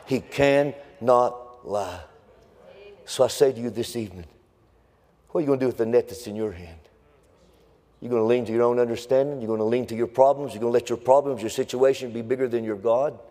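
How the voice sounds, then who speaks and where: A man preaching a sermon, building into a fervent, sing-song, near-shouting cadence. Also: mid-range voice, a little fast. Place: church sanctuary. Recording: long reverb in a church hall.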